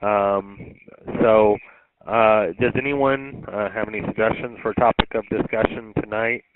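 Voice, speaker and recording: A man's voice: on the low side, steady tone, unhurried. A man running a weekly two-way radio net as net control, chatting in a folksy, rambling way with lots of ums. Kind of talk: casual on-air radio chat. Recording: tinny two-way radio audio.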